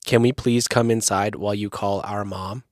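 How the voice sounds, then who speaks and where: A man's voice: on the low side, fairly even intonation, normal speed, no echo, clean studio sound, close to an everyday voice. A man reading the lines of an eerie young girl at a door, politely pleading to be let in.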